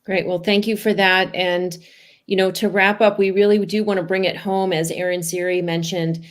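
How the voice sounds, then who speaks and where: A woman's voice: mid-range voice, level tone, moderate pace. A woman hosting a podcast, wrapping up the episode with an earnest personal story. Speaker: podcast host.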